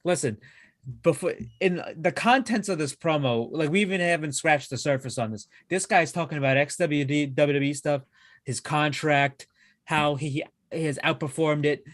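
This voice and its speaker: A man co-hosting a wrestling show in casual chat, excitable and swearing freely, often restarting his sentences. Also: a little high, moderate pace, no echo, studio quality. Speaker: wrestling podcast co-host.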